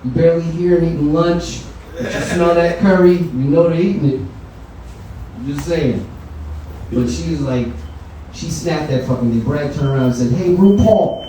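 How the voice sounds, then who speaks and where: A man's voice: on the high side, fairly even intonation, moderate pace, pauses often, mellow, slight background noise. A man doing a stand-up comedy set, telling loose, profane stories in a conversational way. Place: comedy venue lounge, indoors. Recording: echoey room from far off.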